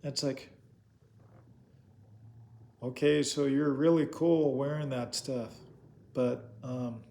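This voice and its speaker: A man delivers a casual, heartfelt sermon in a deeply gravelly, creaky voice. He speaks in short, repeated phrases, piling up rhetorical questions at mid pitch. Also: fairly even intonation, slow, mellow. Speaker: preacher. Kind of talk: informal sermon.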